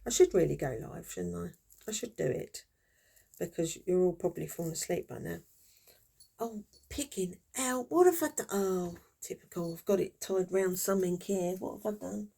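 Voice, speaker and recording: A woman's voice: fairly low pitch, moderate pace, creaky, warm tone, breathy edge. A woman in her fifties chatting casually and reminiscing while she crochets, in a rambling, friendly way. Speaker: crafter vlogger.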